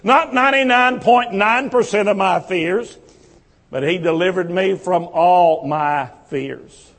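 A man's voice: high voice, takes it slowly, fairly bright tone, long reverb tail. A male pastor delivering an impassioned sermon with a repetitive preaching cadence.

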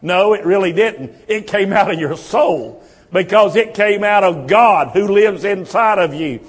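High-voiced man preaching slowly in a hall. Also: lively intonation, slightly rough. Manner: impassioned, repetitive preaching cadence. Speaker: pastor. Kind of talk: sermon.

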